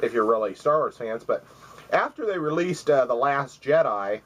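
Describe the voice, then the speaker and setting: A man's voice: mid-range voice, animated, moderate pace, fairly bright tone, rough recording. A man recording a casual home video, rambling through stories about gifts with many fillers and restarts. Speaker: vlogger showing gifts. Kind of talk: casual chat. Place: at home by his computer.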